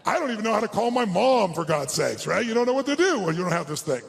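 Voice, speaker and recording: A man giving a high-energy motivational seminar to a live crowd in a large hall. He barks instructions, quizzes the audience and swears bluntly. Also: big pitch swings, fast, vocal fry. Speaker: motivational speaker.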